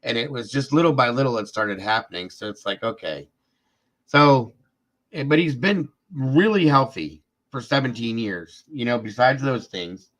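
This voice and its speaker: A man's voice: medium pitch, expressive, normal speed, a bit bright. A man hosting a live true-crime show, telling a long personal story in a casual, rambling way, repeating himself and speaking to his viewers. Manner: speaks directly to viewers in chat.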